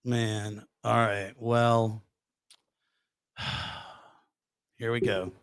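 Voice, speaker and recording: A man's voice: on the low side, little pitch movement, very slow, clear, resonant tone, no echo. A man hosting a podcast, telling jokes in casual chat with heavy swearing and a hyped-up delivery. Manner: profane, hyped-up storytelling. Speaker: podcast host.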